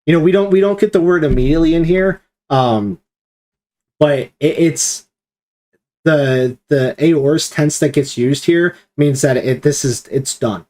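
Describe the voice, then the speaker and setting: A man's voice: fairly high pitch, measured pace, darkish tone. A man leading a streamed Bible study discussion, explaining at length and acting out quoted commands with emphasis.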